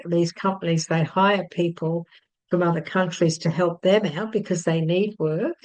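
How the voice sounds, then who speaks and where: A woman teaching emotional tapping, repeating calm affirmations and then talking chattily with fillers and little laughs. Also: fairly low pitch, rough recording. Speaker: EFT healing teacher. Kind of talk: guided tapping session and casual talk.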